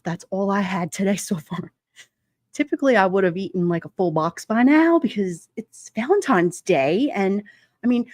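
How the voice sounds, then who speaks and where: A woman with a medium-pitched voice hosts a casual livestream, chatting with viewers bluntly and playfully and laughing often. The recording is studio quality with no echo.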